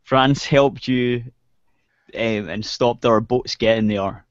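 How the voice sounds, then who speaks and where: A man's voice: medium pitch, takes it slowly, no room sound. A Scottish man hosting an online radio show, talking in a sarcastic, exasperated, teasing way. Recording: dull lo-fi online call.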